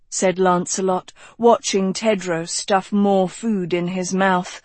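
An audiobook narrator reading a fantasy novel in a measured, unhurried storytelling manner. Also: medium pitch, flat delivery, dry recording.

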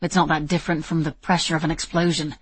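A woman's voice: low voice, little pitch movement, quick pace, breathy edge, dry recording. A woman voicing a determined young woman under fire, speaking tersely and urgently. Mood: shaken. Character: tense determined young woman time traveler.

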